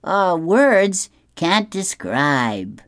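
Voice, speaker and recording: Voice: mid-range voice, fairly even intonation, slow pace, a little mellow, smooth, no echo, natural voice. A reader voicing a tactful, awkward young man.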